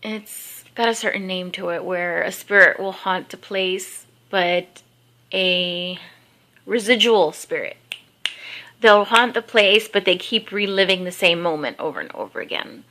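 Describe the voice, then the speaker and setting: A woman's voice: medium pitch, measured pace, bright, forceful tone. A woman telling a rambling story in a casual vlog at home, just woken up, with many fillers. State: just woke up. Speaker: vlogger. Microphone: handheld camera.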